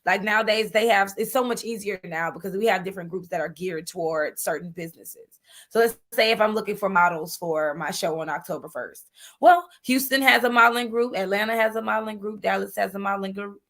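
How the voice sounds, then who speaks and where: A woman guest in an interview, telling her business story in a lively, chatty way, calling people "honey" and using many fillers. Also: medium pitch, a little fast. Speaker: guest entrepreneur. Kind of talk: animated interview talk.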